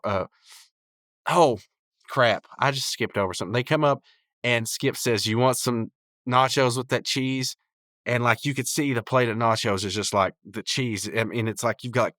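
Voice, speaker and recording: A man's voice: lowish voice, a bit bright, no room sound, studio quality. A man hosting a podcast, recapping a cartoon episode in a rambling, chatty way full of restarts. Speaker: podcast host.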